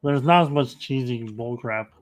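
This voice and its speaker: A man of middle pitch chimes in briefly and lazily in a casual chat, half occupied with something else. His voice is close and dry. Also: moderate pace, dry recording. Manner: laid-back, short replies, distracted by a game.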